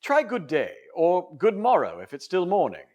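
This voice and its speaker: A man's voice: high-pitched, huge pitch swings, moderate pace, a little mellow. A man in a put-on English accent narrating a training video in a playful, theatrical and emphatic way.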